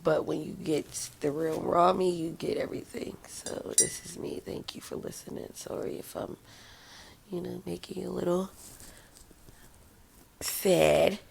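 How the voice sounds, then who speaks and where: A woman's voice: fairly low pitch, fairly even intonation, a little slow, vocal fry, noisy background. A woman hosting a podcast, talking through an emotional personal monologue in a raw, rambling, self-mocking way, still tearful after crying. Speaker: podcast host.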